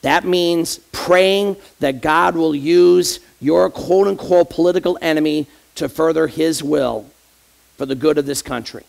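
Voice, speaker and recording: A man's voice: fairly high pitch, unhurried, gravelly. A man, an associate pastor, preaching a conversational sermon in church and addressing the congregation directly with rhetorical questions.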